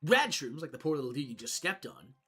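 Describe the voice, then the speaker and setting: A streamer voicing a laid-back surfer-dude mushroom king with slangy, excitable speech, reading video game dialogue aloud. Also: medium pitch, brisk, breathy edge. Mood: stoked.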